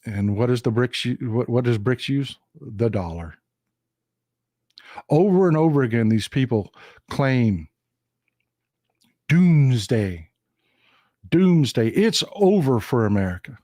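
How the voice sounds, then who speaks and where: A man's voice: mid-range voice, lively intonation, a little slow, dark tone, dry recording, clean studio sound. Emphatic Texan man doing a political monologue. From Texas. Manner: emphatic, repetitive, addresses viewers as folks. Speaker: live-stream political commentator.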